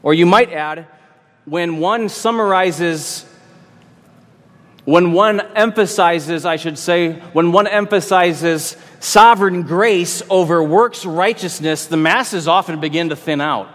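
A man's voice: high voice, slow pace, a bit bright, big-room sound. A man who is a pastor, preaching an expository sermon with emphatic repetition and rhetorical questions.

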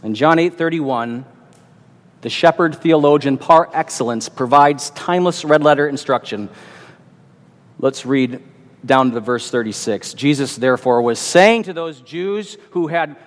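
A man's voice: a little high, unhurried, big-room sound. A man preaching a sermon, earnest and emphatic, often repeating words as he builds his point.

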